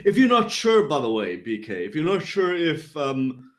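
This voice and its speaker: A man who trains people in body language, explaining his points in an animated way over a video call and acting out rising and falling intonation. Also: a little high, moderate pace. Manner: animated, demonstrates vocal inflection up and down. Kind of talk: explanatory interview talk.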